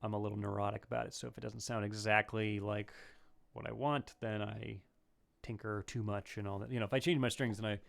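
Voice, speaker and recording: Gravelly-voiced man teaching banjo live. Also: on the low side, steady tone, fairly quick. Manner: casual, thinking aloud, many fillers and restarts. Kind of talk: livestream Q&A lesson. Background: banjo playing between phrases.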